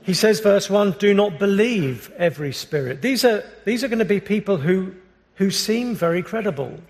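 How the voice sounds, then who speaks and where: A British man preaching a sermon as pastor, earnest and measured, often restarting his phrases. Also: high-pitched, lively intonation. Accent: British English. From Britain. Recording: long reverb of a large hall.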